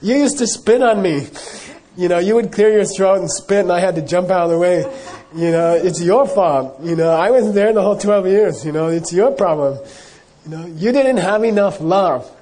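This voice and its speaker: A man doing a calmly scolding divine teacher. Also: sits high, normal speed, husky, pitched above the performer's own voice, poor audio. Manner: lecturing, raised voice.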